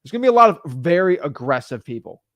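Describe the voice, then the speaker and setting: A man coaching real estate wholesaling in a blunt, energetic, casual way. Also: a little high, quick pace, no room sound, clean studio sound. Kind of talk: casual instructional talk.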